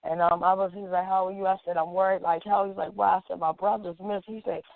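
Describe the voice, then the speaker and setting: Quick-paced and flat, her mid-range voice gravelly, a woman activist guest tells an emotional personal story, acting out quoted dialogue along the way. The line sounds tinny and phone-like, with a dry recording.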